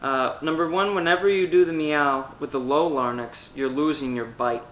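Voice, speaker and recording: Speaking at an ordinary pace, this male vocal coach has a voice on the high side and guides students step by step through technique exercises. He demonstrates with loud sung vowels and meows, captured in a roomy space on a rough recording.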